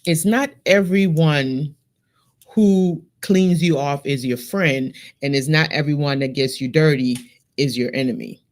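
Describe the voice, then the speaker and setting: A woman with a Vincentian accent co-hosts a casual talk show with a low, full voice. She tells stories animatedly and talks straight to her listeners. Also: measured pace. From Saint Vincent. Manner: animated storyteller, addresses listeners directly. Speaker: podcast co-host. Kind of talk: casual chat.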